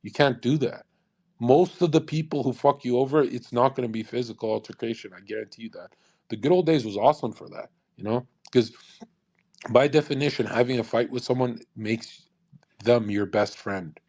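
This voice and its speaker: A young man holds forth on a live stream in a blunt, intense rant, swearing often. He slips into other people's voices to act out what they said. His voice sits at a middle pitch and comes through a desktop condenser mic. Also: normal speed, a little mellow. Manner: acts out quoted people in changed voices. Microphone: USB condenser studio mic.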